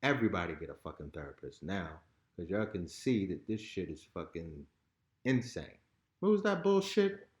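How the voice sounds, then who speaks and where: A man's voice: low-pitched, very animated, normal speed, darkish tone. A man talking candidly as a podcast guest, blunt and heated, with frequent swearing. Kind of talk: raw candid conversation. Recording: roomy echo.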